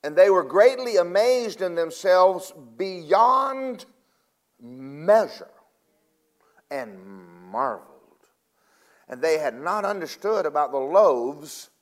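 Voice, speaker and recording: Delivering a sermon, a man retells scripture in casual paraphrase with a high-sitting voice and lively intonation. He breaks into emphatic loud bursts, then drops into quiet, drawn-out asides.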